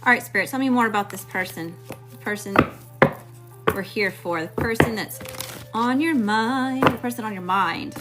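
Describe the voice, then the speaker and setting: A woman's voice: mid-range voice, normal speed, over loud music. A woman from Mississippi with a Southern accent, giving a blunt, slangy live tarot reading straight to her viewers. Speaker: tarot reader.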